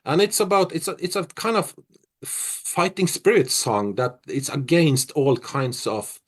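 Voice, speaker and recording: A middle-aged man from Norway, a musician answering interview questions in a reflective, halting way full of restarts. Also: fairly high pitch, husky.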